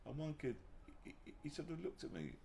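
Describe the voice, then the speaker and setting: A man talking candidly as an interview guest, often pausing and restarting his sentences before warming into animated storytelling. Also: fairly high pitch, vocal fry, slight background noise. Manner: halting, restarts sentences, then grows animated telling anecdotes. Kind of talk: casual reflective conversation. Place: livestream conversation.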